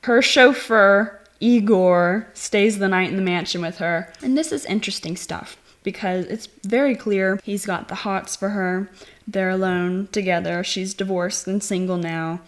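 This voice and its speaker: A woman hosting her own channel, giving a casual spoken movie review and retelling the plot in a chatty, animated way. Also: mid-range voice, measured pace. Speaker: film reviewer and channel host.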